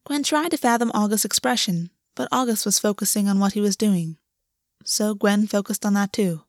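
A woman narrating a story aloud in a steady, even reading voice. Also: medium pitch, normal speed, dry recording, clean studio sound. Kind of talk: audiobook reading.

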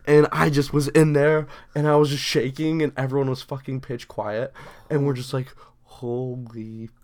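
A young man co-hosting a podcast, telling childhood stories in a casual, animated way, swearing constantly and saying "dude" often. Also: medium pitch. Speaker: podcast co-host. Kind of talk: casual storytelling chat.

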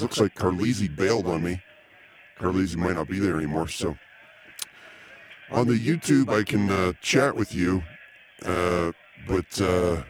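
Dry, meandering male podcast host. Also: sits low. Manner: dry, meandering, easily exasperated. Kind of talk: casual live podcast chat.

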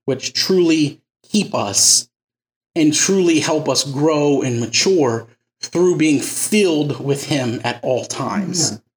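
Fairly high-voiced pastor, casual sermon. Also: male voice. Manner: conversational, loose storytelling with jokes. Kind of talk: informal sermon.

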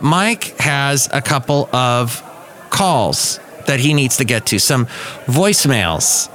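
A man's voice: mid-range voice, very animated, slow, fairly bright tone. Goofy rambling male podcast host. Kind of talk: casual solo podcast chat.

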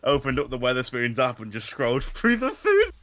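This is a man co-hosting a casual podcast, with a very lively voice that swings up and down. He laughs a lot and tosses in quick jokes while his co-host talks. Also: mid-range voice. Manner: laughs often, quick jokey asides. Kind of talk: casual chat.

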